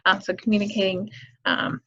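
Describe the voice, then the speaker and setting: A woman's voice: medium pitch, level tone, normal speed, a bit bright. A woman hosting a casual solo podcast, chatty and telling stories with many fillers. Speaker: podcast host. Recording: dull lo-fi recording.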